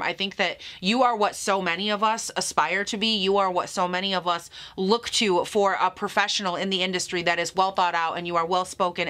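A woman's voice: on the low side, pushed and bright. A young woman reviewing makeup in a casual vlog, gushing and sassy, calling her viewers "honey". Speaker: beauty YouTuber. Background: lawnmower noise outside.

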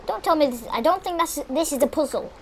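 High, lively-voiced excitable gamer woman. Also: fast talker, a little hiss or hum. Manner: excitable, chatty, exclaims at the game. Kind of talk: let's-play commentary.

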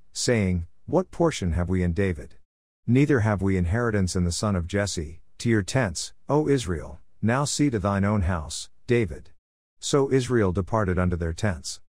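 A man giving a measured, even reading of scripture in a scripted style. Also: lowish voice, no room sound, clean studio sound. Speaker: Bible reader.

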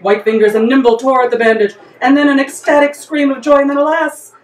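A woman author reading her comic story aloud in a lively, playful way. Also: high voice, brisk, echoey room, recorded from a distance, rough recording. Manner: lively, playful, breaks into laughter.

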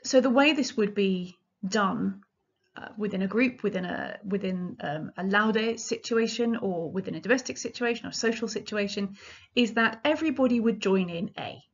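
A woman's voice: mid-range voice, moderate pace, husky, lo-fi sound. A woman giving an illustrated lecture on medieval music, explaining in a chatty way with frequent ums and restarts.

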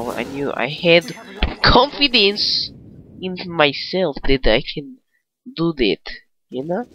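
Boastful gamer in a mock Russian accent. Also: male voice, medium pitch, a little hiss or hum. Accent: put-on Russian accent. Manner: boastful, broken English, giggly. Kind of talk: let's play commentary. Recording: game gunfire loud behind voice. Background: shooter game sounds and gunfire.

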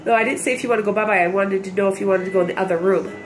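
A woman's voice: mid-range voice, fairly even intonation, rapid-fire, echoey room, soft background music. A mother using sing-song baby talk with her infant at home, coaxing and drawn out.

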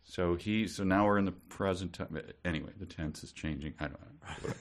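A man's voice: sits low, normal speed. A man co-hosting a podcast in casual chat, wryly mocking a book he reads aloud. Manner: wry, sarcastic, reads passages in silly put-on voices. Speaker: podcast co-host.

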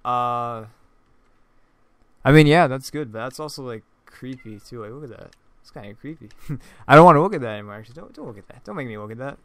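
A man talks over his gameplay in a loose, joking way, often laughing at himself and tripping over his words. His voice is smooth and clear, at a middling pitch. The recording is dry and close. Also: expressive, fast talker, no room sound. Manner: repeats and stumbles over words. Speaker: gaming YouTuber. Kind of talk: casual gameplay commentary.

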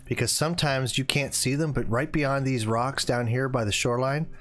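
A man's voice: mid-range voice, steady tone, moderate pace, fairly bright tone. A man in his forties hosting a casual gaming livestream, rambling and getting worked up as he chats. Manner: rambling, gets worked up, then apologizes. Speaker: livestream host.

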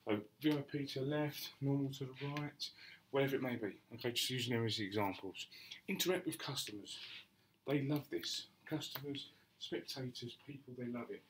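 A man runs a training session in a loose, chatty way, turning to the class and acting out little exchanges with customers. His voice sits at an ordinary middle pitch, with a faint hiss of noise behind him. He often repeats and restarts his phrases as he goes. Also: moderate pace, low-quality recording. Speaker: spectator safety trainer.

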